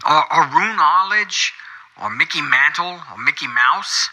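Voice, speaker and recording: A man's voice: fairly high pitch, expressive, a little slow, pushed and bright, poor audio. An older man calling in to a comedy show. He rambles in a wordy, folksy way and piles up quirky questions. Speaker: caller. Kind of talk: comedic call-in monologue.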